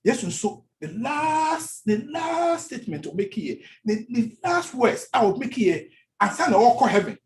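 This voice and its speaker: Lively Ghanaian pastor preaching. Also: male voice, high voice, normal speed, a little hiss or hum. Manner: switches between English and Twi, repeats phrases for emphasis. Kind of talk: sermon. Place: church.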